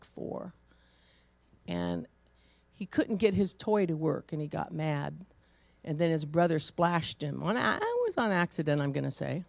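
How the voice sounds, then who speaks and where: An older woman, a grandmother, preaching a sermon full of personal stories, swinging between loud and hushed. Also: fairly low pitch, vocal fry, no room sound. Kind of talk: storytelling sermon.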